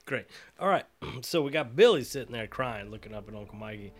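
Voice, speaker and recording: Casting: male podcast host, mid-pitched, loose and profane storyteller. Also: a little fast. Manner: profane, digressive, animated. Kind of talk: rambling comic storytelling.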